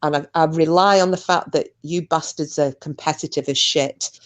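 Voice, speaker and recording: Low-voiced woman chatting on a livestream. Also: fairly even intonation, moderate pace, slight background noise. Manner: chatty, swears casually, reads out viewer comments. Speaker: livestream host. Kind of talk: casual chat.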